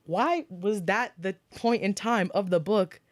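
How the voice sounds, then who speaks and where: A young woman co-hosting a podcast, chatting casually and telling animated stories about shows and books, acting out what people said. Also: mid-range voice, no echo. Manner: rapid gossipy storytelling, acts out quotes. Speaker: podcast co-host. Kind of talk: casual chat.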